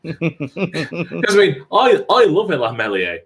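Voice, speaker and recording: A man co-hosting a casual football podcast, speaking haltingly with repeated words and dry jokes. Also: low voice, animated, a bit bright. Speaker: podcast co-host.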